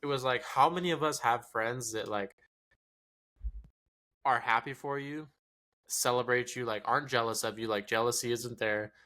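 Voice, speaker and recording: A man's voice: medium pitch, moderate pace, pauses often. A man co-hosting a casual podcast, telling stories with lots of swearing and acted-out quotes. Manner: profane, animated storytelling with acted-out quotes. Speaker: podcast co-host. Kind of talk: casual chat.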